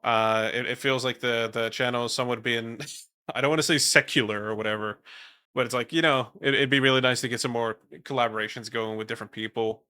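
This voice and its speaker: A man's voice: mid-range voice, steady tone, fairly quick, bright, forceful tone, clean tone. A young man from the Netherlands with a Dutch accent, chatting casually on a stream and rambling while reading chat. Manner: rambling, swears casually, reads chat aloud.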